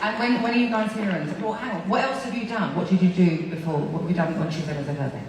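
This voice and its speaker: A woman's voice: lowish voice, quick pace. A British woman bantering on stage with a concert audience, joking and laughing at herself. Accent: British English. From Britain. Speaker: singer addressing a concert audience. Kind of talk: casual stage banter with the crowd. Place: large live concert venue. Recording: echoey live venue, distant mic, loud crowd noise.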